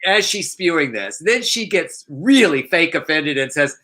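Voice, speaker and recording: A man co-hosting a casual news chat show, telling stories in an animated way and laughing as he goes. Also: fairly high pitch, unhurried, hardly any pauses. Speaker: co-host.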